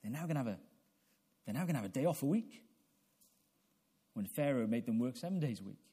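A man delivering a sermon in a warm, mellow voice that sits a little high for a man. He leans on rhetorical questions and pushes to emphatic peaks, stumbling over a repeated word now and then as he restarts. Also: husky. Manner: repeats words when restarting. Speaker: preacher. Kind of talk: evening sermon.

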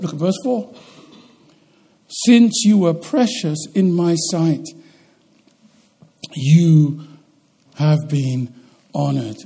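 A male pastor preaching a sermon in a high, husky voice with a mellow warmth. He moves between loud, emphatic declarations and quiet, slow passages.

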